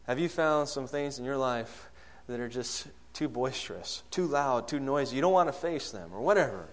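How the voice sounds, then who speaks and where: A man preaching a sermon, asking the congregation questions and swinging from loud, high calls to low, soft lines. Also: animated, moderate pace. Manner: rises loud and high when acting out quoted prayers, drops low and soft on key lines.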